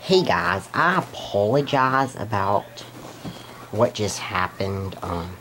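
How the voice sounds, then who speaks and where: Guy slowly rambling thru a cartoon episode recap, keeps restarting, giggly, a bit of background hiss. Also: lowish voice, expressive. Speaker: YouTube episode reviewer. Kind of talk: casual unscripted recap.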